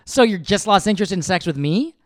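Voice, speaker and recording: A man co-hosts a podcast with his wife in casual couple chat, joking and swearing freely as he turns defensive. His high, expressive voice moves a little fast on a close mic with no echo.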